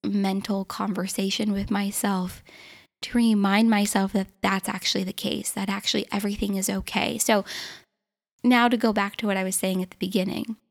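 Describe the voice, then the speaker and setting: A woman's voice: mid-range voice, little pitch movement, moderate pace, creaky. A woman in her twenties hosting a solo podcast episode, talking earnestly and encouragingly to her listeners. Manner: earnest, encouraging, self-reflective. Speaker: podcast host.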